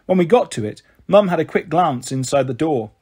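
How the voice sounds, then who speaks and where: A man reading a children's novel aloud as a storyteller, gentle and shifting his voice for each character. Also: animated, brisk, slightly rough. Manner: gentle, voices the characters with raised and lowered pitch. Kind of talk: audiobook narration of a children's novel.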